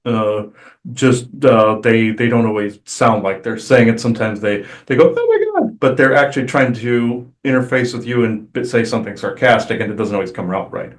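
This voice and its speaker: A man channeling on a spiritual podcast, talking casually and haltingly with many "uh" fillers and restarts. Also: fairly low pitch, steady tone. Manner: hesitant, many "uh" fillers, rambling.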